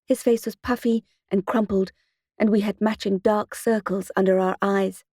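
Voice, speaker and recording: A woman reads a first-person audiobook in a steady, expressive manner. Her voice is mellow and warm, at a middle pitch for a woman. The studio recording is dry and close-miked, with no room echo. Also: normal speed. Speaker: audiobook narrator.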